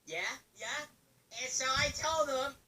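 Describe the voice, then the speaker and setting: A reckless puppet doctor, played by a performer, in a fan comedy video. He rambles and stammers through his stories in a bright voice that swings up and down. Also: sits high, big pitch swings, measured pace, a little hiss or hum, full character voice. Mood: boastful.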